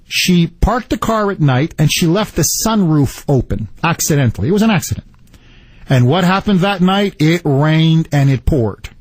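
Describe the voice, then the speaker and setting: A male radio talk show host telling a story in animated fashion and taking calls on a studio mic. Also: on the high side, no room sound. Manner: animated storytelling, acts out quotes. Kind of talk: talk radio monologue and call-in.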